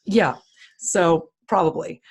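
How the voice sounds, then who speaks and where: A woman with a low-pitched voice talks casually and bluntly. She walks through listings on screen, opinionated and plain-spoken. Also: takes it slowly, breathy edge. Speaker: co-host. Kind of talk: casual screen-share commentary.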